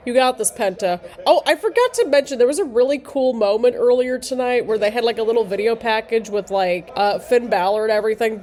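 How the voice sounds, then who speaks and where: A woman giving live, chatty reaction commentary to a wrestling show, excitable and full of fillers and quick restarts. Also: fairly high pitch.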